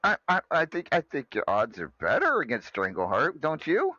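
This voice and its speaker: A man hosting a casual online chat. He stammers and restarts his sentences, and his pitch swings widely. The recording is dull and lo-fi, with a dry sound. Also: huge pitch swings, moderate pace, bright, forceful tone, no echo. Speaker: show host.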